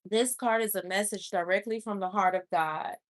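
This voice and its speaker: A woman's voice: mid-range voice, steady tone, moderate pace. A woman doing a spiritual tarot card reading, emotional and speaking to Spirit. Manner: emotional, talks to Spirit, gets choked up. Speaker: tarot reader.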